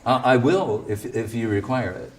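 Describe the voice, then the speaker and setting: A man's voice: mid-range voice, moderate pace, far from the mic, a little hiss or hum, lightly acted. A man quoting an elderly guru in a mild, matter-of-fact voice during a talk. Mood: offhand.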